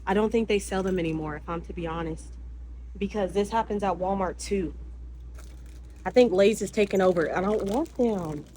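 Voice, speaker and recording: A woman's voice: medium pitch, moderate pace, a little hiss or hum, low-quality recording. A young woman vlogging casually from her car and a convenience store, talking expressively, ranting and swearing. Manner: expressive, animated, swears and rants. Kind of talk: casual vlog chat.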